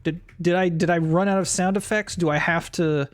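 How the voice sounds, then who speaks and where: A man's voice: high voice, fairly even intonation, a little fast. A man streaming a retro game, rambling through bemused reactions and questions to himself. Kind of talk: live let's-play commentary.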